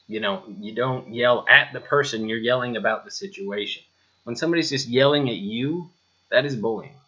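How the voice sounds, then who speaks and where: A man's voice: mid-range voice, pushed and bright, dull audio. A man teaching a spoken lesson, talking straight to the listener with rhetorical questions and a touch of sarcasm. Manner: mildly sarcastic asides. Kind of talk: spoken lesson over slides.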